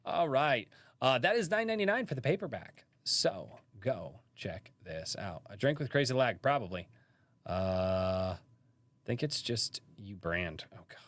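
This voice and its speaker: Rambling casual stream host, dry sound. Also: male voice, mid-range voice, fairly bright tone, dry recording. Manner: rambling, full of fillers and restarts. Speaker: live-stream podcast host. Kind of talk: casual live-stream chat. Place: rural home.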